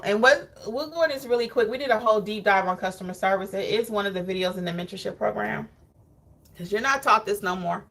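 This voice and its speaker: A woman hosting a live stream, reading viewer comments aloud and coaching notaries in an animated, preachy way with frequent laughs. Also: medium pitch. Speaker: host of a notary training channel.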